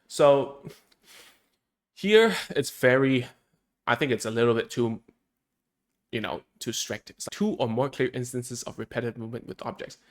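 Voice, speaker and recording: A man's voice: medium pitch, moderate pace, pauses often. Chatty male speech therapist explaining. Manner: conversational, thinks aloud, frequent "right?" and "okay?". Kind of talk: casual explanatory lesson.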